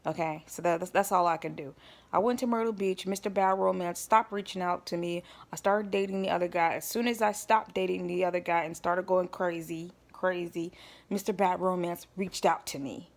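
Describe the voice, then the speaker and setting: A woman's voice: fairly low pitch, fairly even intonation, moderate pace. A woman vlogger telling a personal story in a rambling, casual way, often stopping to check in with her listeners. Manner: rambling, checks in with listeners, addresses them as y'all.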